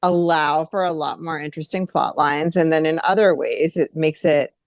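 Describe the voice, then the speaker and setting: Female podcast co-host with a notably deep voice, dry close recording, engaged and pointed in casual review chat. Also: fairly even intonation, normal speed, dry recording. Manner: engaged, adds pointed remarks and short agreements.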